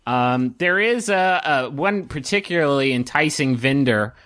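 A man acting as game master, narrating a tabletop game in a loose, halting way. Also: mid-range voice, animated, fairly bright tone, no echo.

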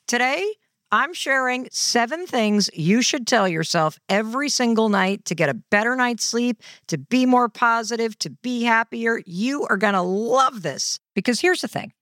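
A middle-aged woman hosting a motivational podcast, chatty and expressive, speaking straight to the listener. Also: fairly high pitch, normal speed, no room sound, clean studio sound. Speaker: podcast host.

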